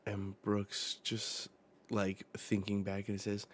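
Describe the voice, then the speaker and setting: A man hosting a casual live reaction while reading a manga chapter aloud. He talks in a relaxed, rambling way with many fillers. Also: lowish voice, unhurried.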